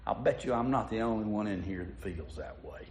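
A man's voice: on the low side, brisk, slight background noise. A man preaching a sermon, telling stories in a folksy way and putting asides to the congregation. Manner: folksy storytelling with audience asides.

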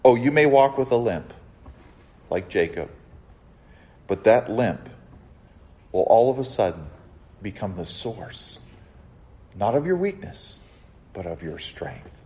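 A man preaching a sermon as pastor, speaking earnestly and dropping to a soft hush before lifting his voice to stress a point, often asking his listeners direct questions. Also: on the low side, big pitch swings, takes it slowly, pauses often. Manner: earnest, drops to a soft hush then rises with emphasis.

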